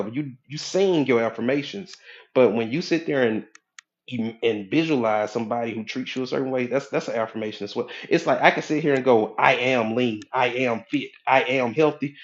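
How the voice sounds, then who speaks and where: A man with a mid-pitched voice coaching his listeners in a preachy, conversational motivational talk. He keeps checking in with a quick "okay?" as he drives each point home. The recording sounds slightly dull and lo-fi. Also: darkish tone. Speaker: hypnotherapist and life coach.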